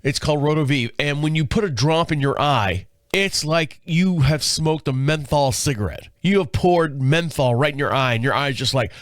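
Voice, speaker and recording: A man's voice: on the high side, moderate pace, hardly any pauses, no room sound, studio quality. A man in his fifties hosting a show, telling rambling, profane stories while sick with a cold and a sore throat. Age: 50s. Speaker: podcast host. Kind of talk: casual chat monologue.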